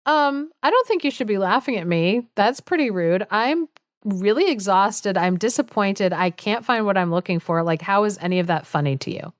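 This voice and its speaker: A woman's voice: mid-range voice, expressive, moderate pace, no room sound, clean studio sound, pitched above the performer's own voice, close to an everyday voice. A woman voicing an exhausted young girl in a retold fairy tale, sounding indignant and exasperated.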